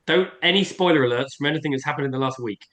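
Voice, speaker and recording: Man, podcast co-host, animated banter, laughs often, middle pitch. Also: racing. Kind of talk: casual podcast chat.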